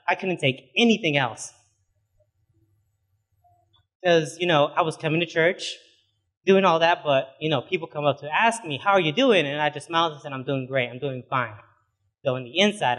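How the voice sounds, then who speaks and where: A young adult pastor preaches a sermon in a conversational, informal style, often filling pauses with "you know." His voice is on the high side and a bit bright.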